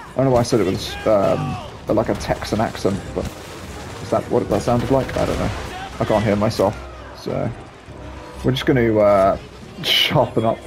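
A young man giving casual, rambling gameplay commentary as a channel host, hesitant and full of ums. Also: mid-range voice.

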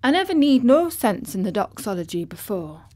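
A woman voicing a gruff old male gardener. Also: fairly high pitch, big pitch swings, normal speed, darkish tone. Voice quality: hoarse, gruff dialect.

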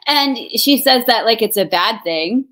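A woman's voice: on the high side, expressive, measured pace, fairly bright tone. A woman hosting an interview over a video call, playful, chatty and self-mocking. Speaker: host. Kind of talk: interview, casual chat.

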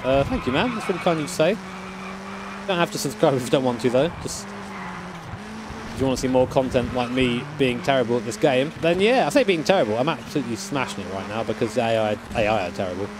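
A male streamer gives live gaming commentary in a fast, animated, medium-pitched voice. He's casual and jokey and swears freely, with racing-game car engine noise running behind him.

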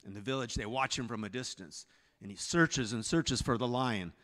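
A man pastor telling a story in a sermon, animated, swinging from hushed to loud, in a church sanctuary. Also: medium pitch, normal speed. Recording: reverberant church hall.

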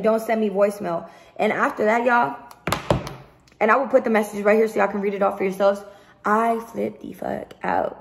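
Woman venting in a profane rant. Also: mid-range voice. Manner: profane, emphatic, repetitive venting. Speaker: vlogger. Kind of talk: heated storytime rant to camera.

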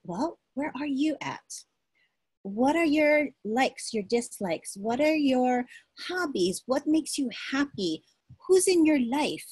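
A woman coaching her sales team in an upbeat, encouraging way, circling back to the same points over and over. Her voice sits fairly high with a husky edge. The sound is dry and close, recorded at her desk. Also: slow pace, no echo. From Hawaii. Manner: energetic, repetitive, encouraging. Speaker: direct sales team leader. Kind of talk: motivational coaching talk.

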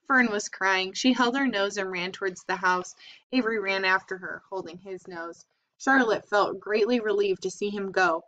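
A woman's voice: medium pitch, normal speed, bright, forceful tone. Woman reading a children's book aloud. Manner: plain reading with small slips and self-corrections. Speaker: reader. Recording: slightly dull lo-fi recording.

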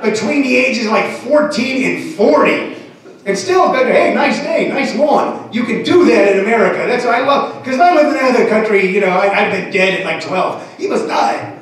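High-voiced middle-aged man doing stand-up. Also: animated, brisk, a bit bright. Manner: rambling, self-deprecating, with many fillers. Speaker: stand-up comedian. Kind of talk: stand-up comedy set. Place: comedy club stage. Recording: very echoey room, distant from the mic.

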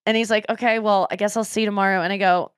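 A woman's voice: medium pitch, steady tone, rapid-fire, smooth, dry recording, clean studio sound. A woman in her thirties hosting a podcast, telling candid stories with lots of fillers and laughs. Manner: candid, giggly storytelling with many fillers. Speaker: podcast host. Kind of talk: casual chat.

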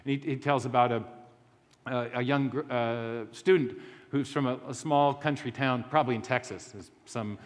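A man's voice: mid-range voice, steady tone, normal speed. A man giving a public lecture as anecdotal storytelling, with frequent restarts and self-deprecating humor. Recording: long hall reverb.

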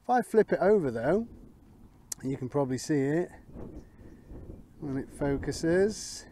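A man's voice: on the high side, expressive, a little slow, warm tone, slight background noise. A middle-aged Englishman with a slightly raised voice talks to his viewers while out in a field. He thinks aloud over each find and keeps up a running, casual commentary. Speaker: metal detecting vlogger.

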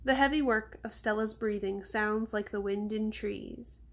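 A woman calmly reading a children's novel aloud. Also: mid-range voice, measured pace. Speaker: reader.

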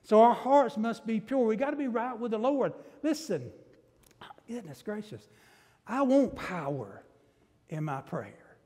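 A man's voice: high-pitched, big pitch swings, unhurried, mellow. A man preaching a sermon as pastor, emphatic, with rising bursts and rhetorical questions to the congregation. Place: church sanctuary. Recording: long church reverb.

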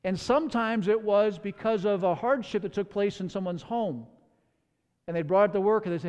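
A man's voice: high voice, normal speed, a little mellow, smooth, big-room sound. A man preaching a sermon as pastor. He tells stories in a conversational way, with candid asides.

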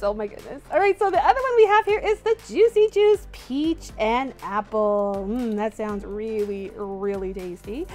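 A woman hosts a toy unboxing vlog, gushing and squealing with excitement as she addresses viewers as "you guys." Her voice is on the high side.

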